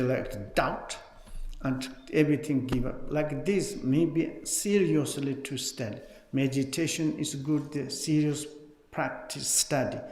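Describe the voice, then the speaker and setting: Tibetan-accented man teaching in an echoey hall. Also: on the high side. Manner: halting non-native English, animated storytelling. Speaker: Buddhist teacher. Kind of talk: Dharma teaching with stories. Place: large teaching hall at a retreat. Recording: echoey hall, long reverb.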